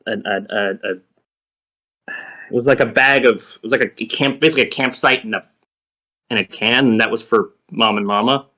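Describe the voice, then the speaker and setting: A man playing a tabletop game, describing his character's actions in a halting, hesitant way. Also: mid-range voice, bright, forceful tone. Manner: hesitant, halting, restarts often. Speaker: player. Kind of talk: casual tabletop play.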